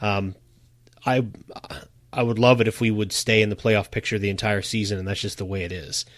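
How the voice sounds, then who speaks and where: A man's voice: on the low side, steady tone, brisk, dry recording, studio quality. A man co-hosting a casual sports podcast, chatty and laughing often as he tells stories. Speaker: podcast co-host.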